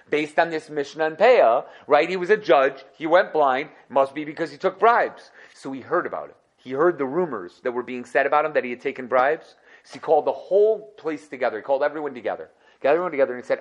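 A man teaching a casual Torah class, telling stories in an animated, conversational way. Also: on the high side, brisk, muffled recording.

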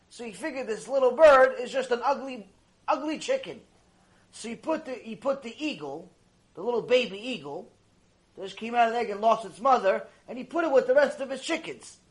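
A high-voiced man gives a religious lecture, telling a story animatedly and repeating phrases for emphasis.

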